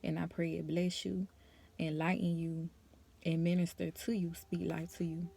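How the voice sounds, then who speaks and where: A woman's voice: fairly low pitch, flat delivery, normal speed, gravelly, dark tone, husky. A young woman vlogger speaking her personal testimony to camera, nervous and emotional, in a casual conversational way.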